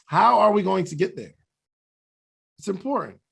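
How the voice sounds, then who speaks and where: A man's voice: high-pitched, expressive, normal speed, vocal fry, fairly bright tone, slightly rough. A man co-hosting a podcast, talking through goals in an earnest, reflective way and laughing at himself now and then. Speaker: podcast co-host. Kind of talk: motivational talk.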